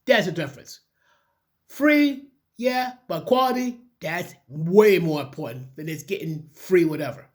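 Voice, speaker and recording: A man's voice: fairly high pitch, lively intonation, moderate pace, few pauses. A man casually reading news articles aloud and breaking off with his own opinionated asides, often stumbling over the words.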